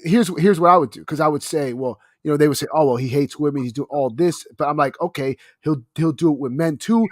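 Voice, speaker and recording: A man's voice: on the high side, dry recording, clean studio sound. A man co-hosting a casual podcast who rambles, fills his talk with "like", and often laughs. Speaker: podcast co-host.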